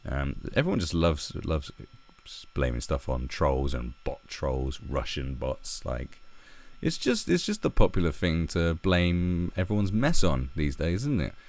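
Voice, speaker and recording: A man's voice: a bass voice, big pitch swings, unhurried, a little mellow. A man hosting a commentary vlog, ranting in a sarcastic, profane, mocking way. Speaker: channel host.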